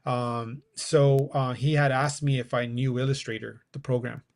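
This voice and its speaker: Middle-aged male storyteller, casual and animated, acts out quoted dialogue, mid pitch. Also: normal speed. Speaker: guest.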